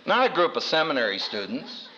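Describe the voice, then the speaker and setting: Animated high-voiced preaching professor. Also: male voice, brisk, highs cut off, noisy background. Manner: animated storyteller who acts out quotes with big pitch jumps; wry humor. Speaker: seminary professor. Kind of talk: lively Bible teaching to an audience.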